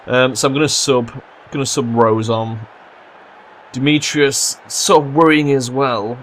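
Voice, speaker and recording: A young man commentating his own football management game, swearing and yelling at his players when they mess up. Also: mid-range voice, fairly even intonation, a little slow, slight background noise. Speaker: gaming commentator. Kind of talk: let's play commentary.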